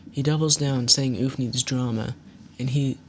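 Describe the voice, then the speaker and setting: A man at an ordinary pitch walks through a falling-out step by step, firm and accusatory. He reads back messages line by line and explains why each one matters. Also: steady tone, moderate pace, darkish tone, slight background noise. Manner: methodical, reads chat messages aloud line by line. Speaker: channel host. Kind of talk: recounting a dispute to camera.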